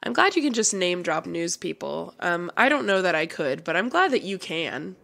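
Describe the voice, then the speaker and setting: A young adult woman co-hosting a podcast in casual chat, playful and teasing, quick to laugh at herself. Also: lowish voice, big pitch swings, gravelly, a bit bright. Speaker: podcast co-host.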